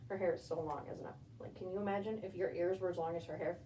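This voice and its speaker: The woman reading a storybook to a baby rabbit at home has a low, dark, steady voice and moves quickly with hardly any pauses. She's a rabbit-keeping homesteader who hosts a channel, and she chats to her pet between passages. The recording is echoey and distant, with faint background noise.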